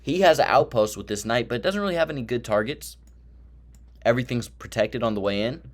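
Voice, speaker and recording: A young man excitedly giving play-by-play commentary on his own chess game, talking to himself as he goes. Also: mid-range voice, fairly quick. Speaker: chess streamer.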